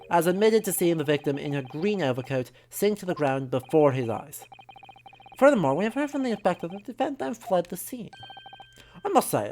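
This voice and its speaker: A streamer reading a game aloud and voicing a stern male judge in a measured, formal way. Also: medium pitch, a little hiss or hum, natural voice.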